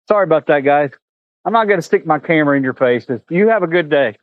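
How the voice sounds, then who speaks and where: A man's voice: fast talker, no echo, lo-fi sound. A man, chatting casually on a handheld camera vlog outdoors at an animal park, talking to the animals. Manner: chatty, talks to animals in a high sing-song. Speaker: vlogger.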